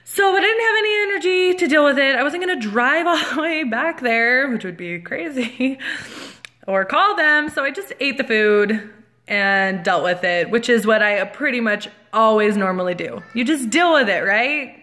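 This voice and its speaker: An animated woman in her thirties tells a casual storytime rant, her voice a little high and bright with a sharp edge. She laughs often and gets louder as she works herself up. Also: normal speed. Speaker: vlogger.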